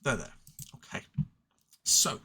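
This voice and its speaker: An Englishman with an English accent reviews cards from a card game in a casual solo video, rambling, poking fun at himself, and often stuttering into restarts. He speaks slowly, with a bright, forceful tone.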